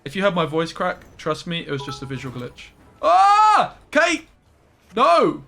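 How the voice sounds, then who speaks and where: A young man streaming a card game, chatting excitably to his viewers and breaking into loud, surprised yelps. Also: on the high side, fairly quick. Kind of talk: live-stream commentary.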